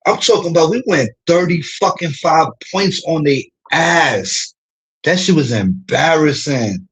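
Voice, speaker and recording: A man's voice: fairly high pitch, lively intonation, measured pace, a bit bright, husky, rough recording. A young man with a New York accent, a streamer from the Bronx, trash-talking in a casual, profane livestream rant and laughing between lines.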